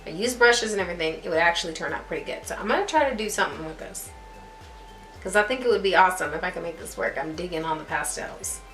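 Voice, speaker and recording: A woman's voice: on the low side, fast. Young woman, casual self-deprecating beauty vlogger, rambling chat to camera, roomy echo. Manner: chatty, self-deprecating, laughs at herself. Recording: echoey room with faint music.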